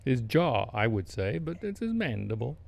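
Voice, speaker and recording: A man's voice: medium pitch, big pitch swings, normal speed, vocal fry, a little mellow. A man co-hosting a podcast who chimes in with dry, wry remarks. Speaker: podcast co-host. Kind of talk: casual chat.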